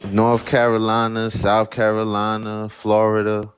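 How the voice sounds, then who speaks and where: A man's voice: lowish voice, completely flat delivery, unhurried, clear, resonant tone. A man from Brooklyn with a Brooklyn accent, calling in to a radio show and talking loosely with many fillers. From Brooklyn, New York. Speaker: caller. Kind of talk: casual phone-in chat.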